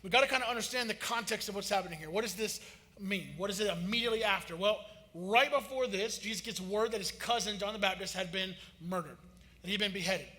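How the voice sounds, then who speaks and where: A man, preaching a sermon in a casual, joking style that rises to loud emphasis. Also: high voice, fast talker. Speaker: pastor. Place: church sanctuary. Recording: long hall reverb.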